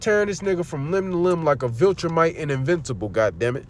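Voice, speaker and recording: A man teaching a religious lesson on a livestream in a loud, angry, profane rant. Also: fairly high pitch, animated, brisk, few pauses.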